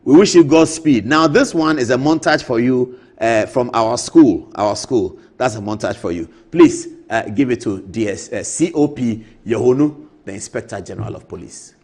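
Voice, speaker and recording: A man's voice: medium pitch, moderate pace, few pauses. A Ghanaian man hosting a TV talk show, giving theatrical, opinionated political commentary. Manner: animated, theatrical, acts out quotes. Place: TV studio.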